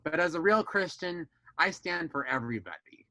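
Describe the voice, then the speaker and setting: A man's voice: a little high, lively intonation, normal speed, sharp tone, dry recording, poor audio. A young man on a casual podcast, telling personal family stories candidly, swearing freely and acting out relatives' dialogue. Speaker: guest.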